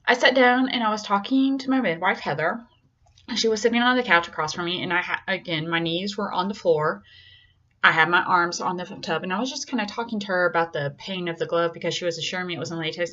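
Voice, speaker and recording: A young woman casually telling the story of her son's birth, chatty and candid, acting out other people's lines with big leaps in pitch. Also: fairly bright tone, muffled recording. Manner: candid and self-deprecating.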